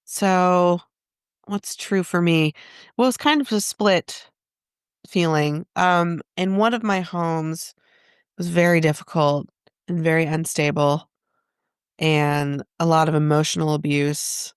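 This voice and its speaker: A woman's voice: sits low, slow, clear, resonant tone, dry recording, studio quality. A woman guest in an interview, a therapist, talking in a reflective, self-questioning way and laughing often. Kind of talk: casual interview conversation.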